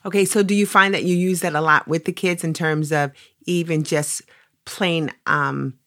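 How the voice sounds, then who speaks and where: A woman interviewer with a notably low voice poses her questions in a measured way, pausing on the odd filler as she works toward the point. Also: steady tone, fairly bright tone.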